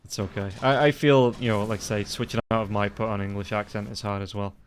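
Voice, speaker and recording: A male esports caster delivering quick-fire play-by-play, his words tumbling out at speed. His voice lifts and tightens with each clash on screen. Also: on the low side, a little hiss or hum. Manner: rapid, rising excitement during fights. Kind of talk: play-by-play commentary.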